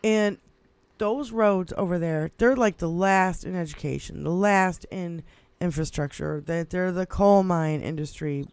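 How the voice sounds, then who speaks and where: High, clear-voiced man ranting and swearing. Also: a little slow, no room sound. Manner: swearing, animated, laughing a lot. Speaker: podcast co-host. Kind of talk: profane political rant.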